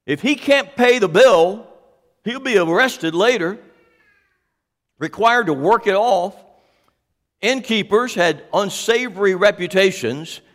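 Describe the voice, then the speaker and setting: A man's voice: high-pitched, expressive, takes it slowly, long pauses, fairly bright tone, big-room sound. A man preaching a sermon as pastor, speaking animatedly and putting questions to his congregation.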